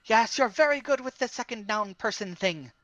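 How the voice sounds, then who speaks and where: Tabletop game player, jovial banter, bright tense tone, dry recording. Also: medium pitch, expressive, normal speed, no room sound, dull audio. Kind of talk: in-character tabletop play.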